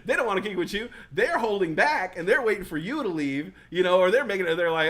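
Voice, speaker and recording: A man's voice: high-pitched, sing-song, quick pace, hardly any pauses, a bit bright. A man in his thirties telling a rambling, profane story in casual chat, acting out voices from a party. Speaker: talk show host.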